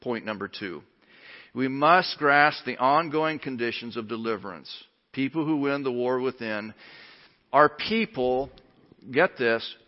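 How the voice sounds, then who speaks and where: Pastor preaching in a reverberant hall. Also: male voice, medium pitch, unhurried, muffled recording. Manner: emphatic, earnest preaching. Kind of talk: sermon.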